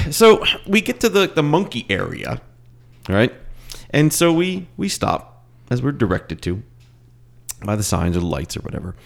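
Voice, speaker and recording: A man telling a story in casual group chat, animated and profane, laughing often. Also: mid-range voice, measured pace, creaky, pauses often.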